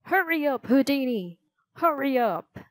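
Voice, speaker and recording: A woman's voice: a little high, expressive, takes it slowly, no room sound. A woman voicing a panicking, hysterical male theater owner who wails and pleads frantically. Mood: frantic. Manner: wailing, frantic and dramatic.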